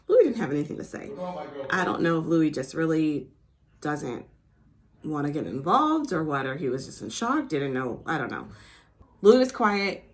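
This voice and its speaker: A woman's voice: low-pitched, sing-song, moderate pace, pauses often. A woman chatting casually as she recaps a reality TV episode, full of "like" and "you know", now and then acting out cast members in a mock New Jersey accent.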